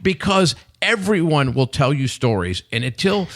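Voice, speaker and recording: A man, a guest on a podcast, telling animated anecdotes and acting out what people said in a casual chat. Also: a little high, moderate pace. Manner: animated anecdotes with acted-out quotes. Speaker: guest, company executive. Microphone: podcast studio mic.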